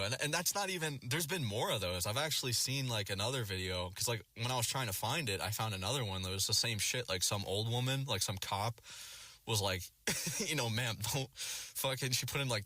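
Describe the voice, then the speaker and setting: This young vlogger has a mid-range, sharp-toned voice recorded with no echo. Ranting casually to camera, he rambles, swears often, and fills his speech with filler words.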